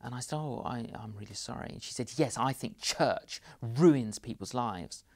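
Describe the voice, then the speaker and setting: A man's voice: mid-range voice, moderate pace, creaky. A middle-aged man from London, an evangelist guest telling anecdotes in an interview and acting out both sides of the conversations. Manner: animated storyteller, acts out both sides of conversations.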